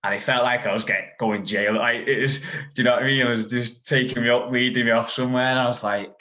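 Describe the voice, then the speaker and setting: A man's voice: mid-range voice, steady tone, quick pace, bright, forceful tone. A man, a podcast guest telling a long story in casual chat, full of "like" and asides. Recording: dull lo-fi sound.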